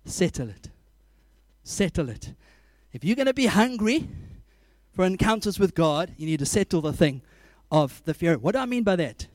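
A man preaching a sermon, telling animated stories, laughing often and acting out scenes. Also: high-pitched, a little fast, dry recording.

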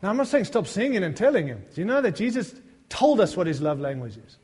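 High-voiced male pastor in an echoing hall. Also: very animated, fast, darkish tone, husky. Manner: humorous, self-deprecating storytelling that builds to fervent appeals. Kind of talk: sermon.

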